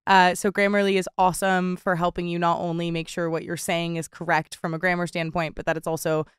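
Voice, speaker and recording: A woman's voice: lowish voice, flat delivery, fairly quick, smooth, dry recording, studio quality. A young woman co-hosting a podcast, chatting and reading an ad with many "like" fillers. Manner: chatty, frequent "like" fillers, giggly. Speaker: podcast co-host. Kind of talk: casual chat with ad read.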